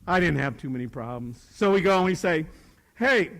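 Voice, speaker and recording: A man in his sixties, a retired teacher, gives a folksy, plainspoken talk to high school students, swinging from loud to hushed. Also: expressive, fast talker, creaky. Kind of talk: motivational speech to students. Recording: long reverb of a large hall.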